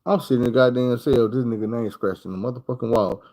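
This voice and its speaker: A man's voice: medium pitch, fast, mellow, rough recording. A man from Arkansas with a Southern accent telling stories in a loose, profane, repetitive way in a casual monologue. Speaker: vlogger.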